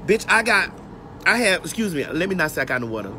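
A woman's voice: lowish voice, big pitch swings, fast, bright, forceful tone, a little hiss or hum. A woman hosting a casual phone livestream outdoors while getting her hair braided, telling a brash, profane story. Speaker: host.

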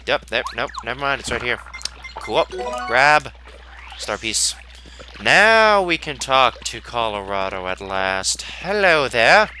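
A man's voice: medium pitch, expressive, takes it slowly, sharp tone. A man giving casual let's play commentary, rambling and joking at himself. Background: game music.

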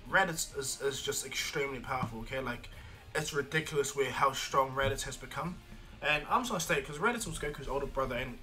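A man's voice: on the high side, sharp tone. A man casually telling a homemade fan story, rambling with many restarts and fillers. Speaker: fan storyteller, channel host.

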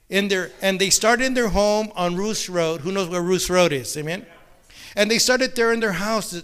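High-voiced man preaching a sermon. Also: pushed and bright, clear, resonant tone. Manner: repeats amen often, folksy joke-telling, bilingual. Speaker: pastor. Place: church sanctuary.

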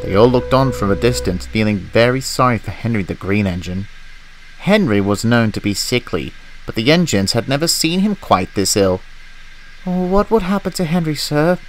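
A man reading a children's storybook narration in a gentle, expressive manner. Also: on the low side, normal speed, a little hiss or hum, rough recording.

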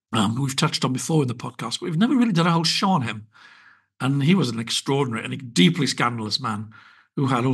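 A man's voice: medium pitch, creaky, a bit bright, husky. A British man hosting his podcast alone, chatting in a wry, rambling way full of small asides. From Britain. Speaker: podcast host. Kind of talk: casual solo podcast chat.

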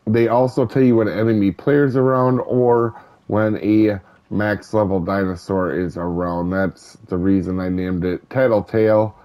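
A man hosting a gaming channel, chatting casually over gameplay in a relaxed, rambling way with many ums and uhs. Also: fairly low pitch, unhurried, clear, resonant tone, highs cut off. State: hiccups. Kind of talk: casual let's-play commentary.

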